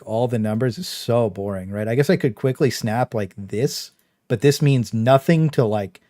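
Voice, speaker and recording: A man's voice: mid-range voice, a little mellow, no room sound, clean studio sound. A young man casually chatting on his game livestream, rambling with lots of fillers and a trolling swagger. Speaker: game streamer.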